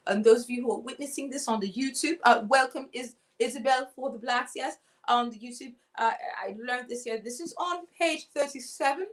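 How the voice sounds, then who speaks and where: Woman host, high and wildly swooping voice, theatrical and breathy, satirical hosting style. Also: low-quality recording. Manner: theatrical, breathy drawn-out emphasis, swooping intonation. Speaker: host of an online audio chat room. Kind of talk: satirical over-the-top hosting.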